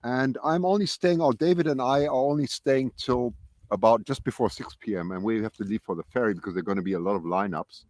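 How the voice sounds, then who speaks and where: A man's voice: mid-range voice, fast talker, darkish tone, no room sound. A man hosting a casual outdoor livestream, chatty and self-correcting as he reads viewer questions. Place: outdoors by a nest in wind.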